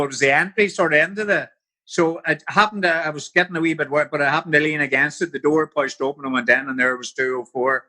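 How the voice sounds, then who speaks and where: A man's voice: a little high, pushed and bright. A man in his sixties with a Northern Irish accent, a podcast guest telling vivid anecdotes in a casual interview. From Belfast.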